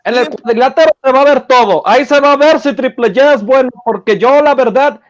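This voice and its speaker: A man doing an impression of a young Mexican boxing star, halting and full of fillers. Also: very high-pitched, pitched above the performer's own voice. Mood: hesitant. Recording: dull lo-fi sound.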